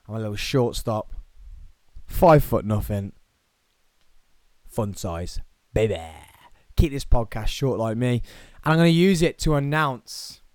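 A lively man with a Birmingham accent hosts his own podcast, chatty and playful with quick jokey asides. His voice sits at an ordinary middle pitch. The sound is close and dry. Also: dry recording. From England. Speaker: podcast host. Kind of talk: solo podcast chat.

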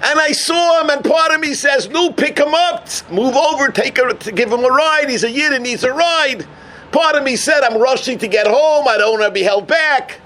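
High bright-voiced man telling a sermon story. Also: normal speed. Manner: animated storyteller, sprinkling Yiddish and Hebrew terms; builds to emphatic near-shouting at the climax. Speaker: rabbi giving a Torah talk.

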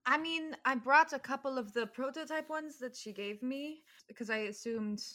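A woman playing in a tabletop game, talking quickly and eagerly. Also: sits high, a bit bright. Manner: quick, eager, laughing often. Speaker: player voicing Chatwin. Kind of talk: tabletop role-play.

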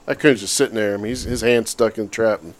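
A man who leads a youth outdoors program, telling a long story in a relaxed, rambling way with lots of fillers. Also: on the low side, quick pace. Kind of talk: casual storytelling chat.

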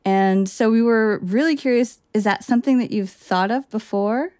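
A woman hosting an interview, asking measured, thoughtful questions. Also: a little high, a little mellow, clean tone, no room sound, clean studio sound. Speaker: host. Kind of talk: interview conversation.

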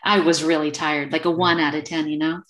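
A woman in her fifties, a podcast guest telling a personal story in a casual, animated way over a remote call. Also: low-pitched, brisk. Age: 50s. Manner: animated, acts out quoted dialogue.

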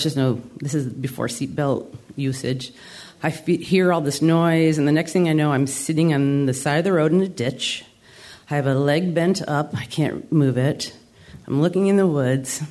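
A woman with a fairly low-pitched, darkish voice performs a funny story at her own expense, live on a theater stage in front of an audience. She is in her sixties and comes from the Adirondacks of New York.

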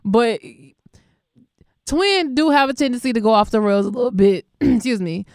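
A young woman hosts a talk radio show and reads the news in a loose, laughing, conversational way. Her voice is smooth and clear. The studio sound is dry and close. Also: fairly high pitch, expressive, moderate pace, darkish tone, no room sound. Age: young adult. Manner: laughing, chatty, affectionate and conversational.

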